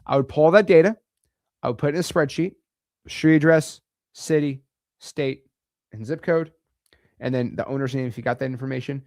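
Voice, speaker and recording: A mid-range male voice, recorded dry with clean studio sound, belongs to an American who casually teaches real estate wholesaling to camera. He's blunt and emphatic, chatty, and slips in slangy asides.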